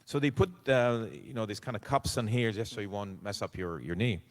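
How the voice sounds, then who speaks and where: A man telling lively stories as a guest on a convention panel, acting out the voices of the people he quotes and swearing casually. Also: fairly low pitch, brisk. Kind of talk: animated storytelling. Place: convention hall stage. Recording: long hall reverb.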